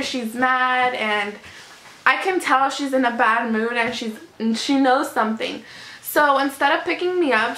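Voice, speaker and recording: Teen girl vlogger, chatty storyteller, high and bright, in a roomy space. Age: teens. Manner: chatty, lots of "like", emotional retelling. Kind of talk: storytime vlog. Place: home room in natural evening light. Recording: echoey room.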